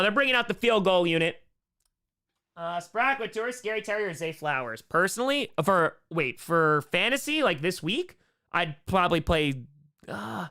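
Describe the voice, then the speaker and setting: A young man calling football play by play on a live stream, excitedly reading viewer messages and hyping up the chat. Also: on the high side, clean tone. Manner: excitable, hypes up viewers, quick shifts between calling plays and reading chat.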